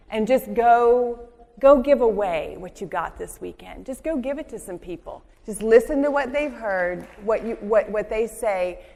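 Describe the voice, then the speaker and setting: A woman's voice: mid-range voice, darkish tone. Earnest woman in her 40s, motivational speaker, long hall echo. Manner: earnest, encouraging, repeats herself. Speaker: convention speaker. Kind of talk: motivational speech. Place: large convention hall.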